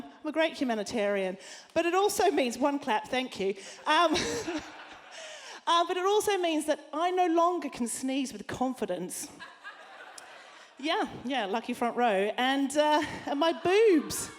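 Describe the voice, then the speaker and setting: An Australian woman in her forties doing a brash, crude, self-mocking stand-up comedy set on a theatre stage, shouting some punchlines. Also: high voice. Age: 40s.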